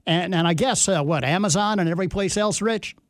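A man's voice: high-pitched, fairly quick, dry recording. A man hosting a radio interview who talks in a wry, drawling way, with many filler sounds and dry jokes. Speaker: radio host.

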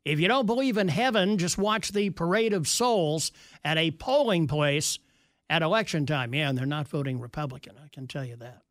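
Wry, high-voiced radio host. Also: male voice, moderate pace, dry recording, clean studio sound. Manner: wry, sarcastic asides. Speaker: radio talk show host. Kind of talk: talk radio, reading listener texts.

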